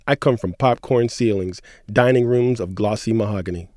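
A man co-hosting a radio show who chats and reads community poetry in an earnest, measured way. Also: fairly low pitch, darkish tone, dry recording, clean studio sound. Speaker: radio co-host. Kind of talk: radio chat and poetry reading.

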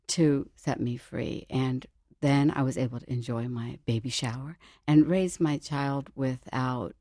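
A woman panelist speaks in a very low, mellow voice. She tells her story reflectively and thoughtfully. The studio sound is dry. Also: creaky, no room sound. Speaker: regular panelist. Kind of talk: personal storytelling in a radio panel. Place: radio studio.

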